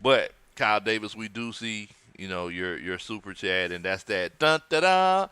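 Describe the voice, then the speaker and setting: Bright-voiced man hosting a laid-back stream. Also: low-pitched, little pitch movement, normal speed, clear, resonant tone, no room sound. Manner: reads viewer comments aloud, laid-back. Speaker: livestream host. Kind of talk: casual watch-party commentary.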